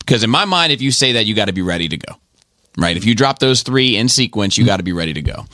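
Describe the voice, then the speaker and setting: Bright-voiced swearing man telling road stories. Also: lowish voice, brisk, dry recording, studio quality. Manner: animated storyteller, swears freely, acts out shouting. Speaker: podcast co-host. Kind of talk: casual chat.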